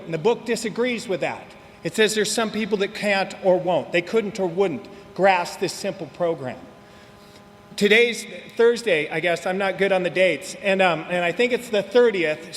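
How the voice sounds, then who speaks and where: Man, middle-aged, from Southern California, candid, joking storyteller, recovery meeting speaker, lively talk, high voice. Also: in a large hall. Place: meeting hall.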